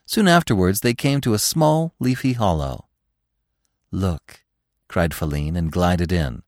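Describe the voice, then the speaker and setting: A male narrator reads a classic story in an expressive, measured style. His voice is low but moves freely through its range. The recording is dry and close. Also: no room sound.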